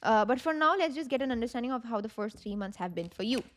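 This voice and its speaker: A woman's voice: fairly high pitch, expressive, fast. A young woman with an Indian English accent, a tarot reader chatting to her viewers in a rambling, repetitive way, slipping into Hindi now and then. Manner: chatty, rambling, repeats herself, mixes in Hindi. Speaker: tarot reader and channel host. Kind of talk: casual talk to camera.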